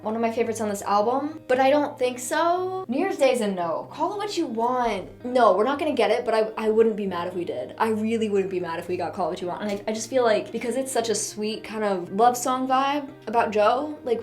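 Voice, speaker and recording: A woman hosting her own channel, chatting excitedly and rambling as she ranks songs, often gushing and squealing. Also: a little high, faint music behind. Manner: gushing, rambling, quick mood swings into squeals. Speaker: reaction channel host. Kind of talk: excited casual chat ranking songs.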